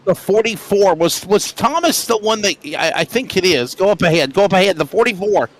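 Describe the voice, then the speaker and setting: A man doing play-by-play commentary on a sim race, with quick, excitable calls. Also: sits high.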